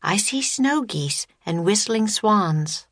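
A woman voicing a gentle seal-girl who speaks in an old-fashioned, lilting way in a children's audiobook. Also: medium pitch, lively intonation, takes it slowly, dry recording, clean studio sound, voice pushed up. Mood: bright.

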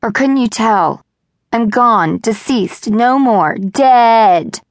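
A woman's voice: fairly low pitch, animated, normal speed, mellow, no room sound, studio quality, close to an everyday voice. Woman doing a sulky dramatic teen girl. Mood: dramatic sulk. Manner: pouting, melodramatic.

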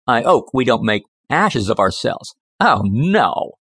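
A man's voice: medium pitch, sing-song, slow pace, a bit bright, slightly rough, no echo, studio quality, full character voice. A man voicing a wisecracking, easygoing American man agent in an audiobook, talking in a joking, breezy way.

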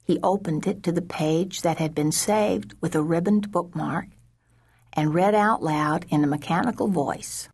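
Woman, audiobook narrator, unhurried, breathy husky tone, lowish voice, gentle hushed storytelling. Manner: slow, measured storytelling with soft hushed passages. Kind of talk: unabridged children's audiobook narration.

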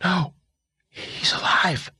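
A man voicing a frightened young woman in a historical audiobook, pitched high, breathless and urgent. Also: big pitch swings, unhurried, breathy edge, no echo, full character voice.

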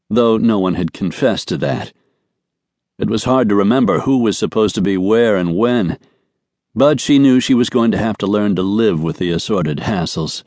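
A man narrating a romance audiobook in an even, measured way. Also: fairly low pitch, no room sound. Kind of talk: scripted narration. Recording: dry studio recording.

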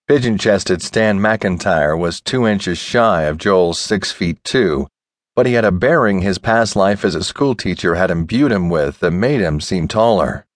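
This scripted audiobook narration comes from a man with a low voice, delivered at a measured pace and with expression. The studio sound is clean and dry.

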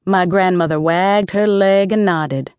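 A woman's voice: lowish voice, a little slow, a little mellow, clean tone, no echo, clean studio sound. A woman narrating a first-person audiobook in a gritty, slangy street voice.

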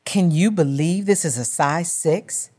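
A woman's voice: fairly low pitch, a little slow, a little mellow, slightly rough. A woman narrator voicing a vain, secretive young woman who answers defensively. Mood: preening.

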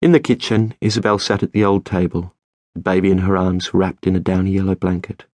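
A man narrating a novel as an audiobook, in a measured, steady storytelling manner. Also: low voice, no room sound. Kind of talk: scripted narration.

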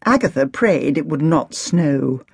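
Gravelly, expressive woman audiobook narrator. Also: low voice, measured pace, no echo, clean studio sound. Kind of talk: scripted narration.

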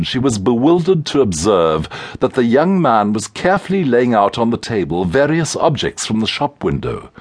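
A male audiobook narrator with a husky, medium-pitched voice reads a scripted narration in an expressive storytelling style.

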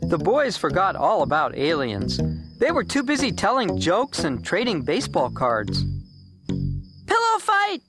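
A man narrating a children's audiobook in a gentle, expressive storytelling way. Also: on the high side, moderate pace, creaky, music in the background. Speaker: narrator and author.

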